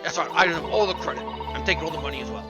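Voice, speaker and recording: A woman's voice: sits low, very fast, natural voice. A woman voicing a stern, self-important older father while reading game dialogue. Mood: smug. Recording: dull lo-fi stream, loud game music.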